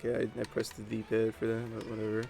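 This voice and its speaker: Guy rambling on while he plays, low monotone voice, chatty storytelling. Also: quick pace, gravelly. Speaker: gaming channel host. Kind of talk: casual gameplay commentary.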